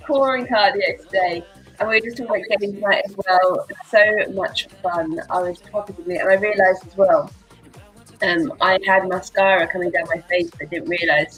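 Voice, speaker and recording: A woman's voice: lowish voice, fairly bright tone, poor audio. A woman with an English accent, leading a live workout class in a bubbly, rambling way and laughing often. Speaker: fitness instructor.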